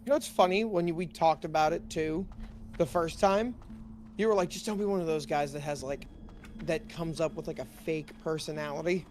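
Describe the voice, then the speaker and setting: A man's voice: fairly high pitch, fairly even intonation, a little fast, a little mellow. A young man chatting casually with a gamer friend, laughing easily and poking fun at himself.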